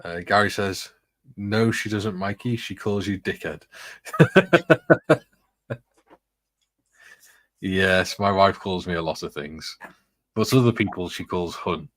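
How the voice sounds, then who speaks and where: A man's voice: low-pitched, animated, takes it slowly, pauses often, fairly bright tone, no room sound. A man hosting a casual chat, reading out comments and telling rambling stories, laughing often. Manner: chatty, rambling anecdotes with frequent laughs. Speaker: host reading viewer comments.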